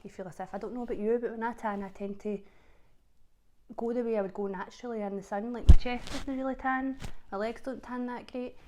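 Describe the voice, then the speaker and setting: A woman's voice: medium pitch, steady tone, fast talker, dark tone. A woman from Scotland with a Scottish accent, chatting casually to camera as a vlogger, full of fillers and repeated words for emphasis.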